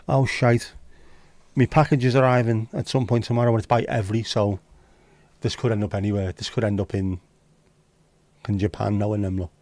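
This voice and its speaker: A man's voice: fairly low pitch, flat delivery, brisk, a little mellow, no room sound. A man hosting a casual livestream, bantering and joking with his chat at a desk mic. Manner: banters, teasing, jokey asides. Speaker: livestream host. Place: indoors, home streaming room.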